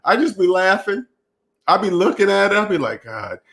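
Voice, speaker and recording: Guy ranting on his stream, kinda high voice, mocking and preachy, still got a bit of a cold. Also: very animated, moderate pace, gravelly, a bit bright. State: getting over a cold. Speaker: channel host. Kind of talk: livestream rant reading chat.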